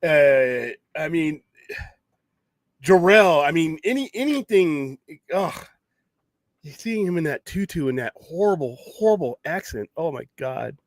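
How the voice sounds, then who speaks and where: A podcast host with a slightly high, sing-song voice speaks at a measured pace, with no room sound. Hosting a late-night geek talk show, he rambles casually, holds forth with strong opinions, restarts often, and swears occasionally.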